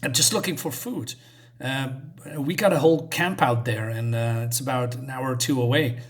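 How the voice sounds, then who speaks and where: Brief: earnest, pleading older stranger, read aloud by a man, mid pitch. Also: normal speed, lightly acted.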